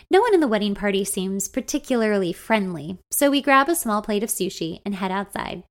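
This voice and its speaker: A woman narrating a first-person novel in an even, wry storytelling manner. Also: medium pitch. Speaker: audiobook narrator.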